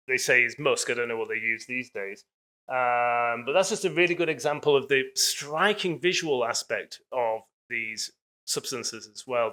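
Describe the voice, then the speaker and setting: A man's voice: medium pitch, bright, forceful tone. A man giving a public lecture, telling stories in an enthusiastic, chatty way with frequent fillers.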